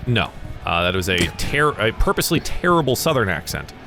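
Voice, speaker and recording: A man from the US South running a tabletop game as game master, thinking aloud in a halting way. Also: lowish voice, sing-song, creaky, bright, forceful tone, soft background music.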